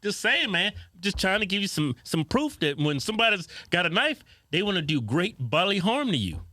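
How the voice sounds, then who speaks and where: A man co-hosting a casual political chat show, joking and mocking with loud bursts of laughter. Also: high voice, sing-song, a little fast, no echo. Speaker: co-host.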